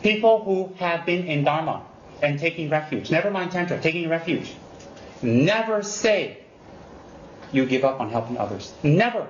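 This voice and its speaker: A man teaching Buddhism in an unscripted talk, his fairly high voice lively and teasing as he mimics excuses and hammers home warnings. The recording is roomy and a little dull, with a faint hiss underneath. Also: moderate pace. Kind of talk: unscripted dharma talk to students.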